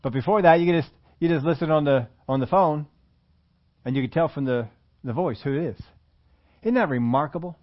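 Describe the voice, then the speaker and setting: A man's voice: fairly high pitch, fairly quick, long pauses. A man preaching a sermon in a conversational way, often asking his listeners questions. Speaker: pastor. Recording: muffled lo-fi recording.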